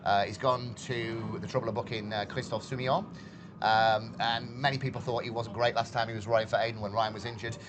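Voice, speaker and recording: A man's voice: mid-range voice, little pitch movement, a little fast, music in the background. A man giving racing tips outdoors, hesitant and full of restarts. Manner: hesitant, many ums and restarts. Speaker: pundit. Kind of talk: racing preview chat. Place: outdoors at a racecourse. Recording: outdoor racecourse crowd noise.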